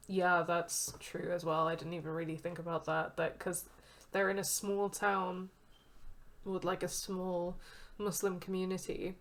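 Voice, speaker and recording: A woman's voice: lowish voice, flat delivery, measured pace. A woman streamer giving frank, chatty commentary while playing a story game. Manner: chatty, frank, swears casually. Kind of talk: casual let's play commentary.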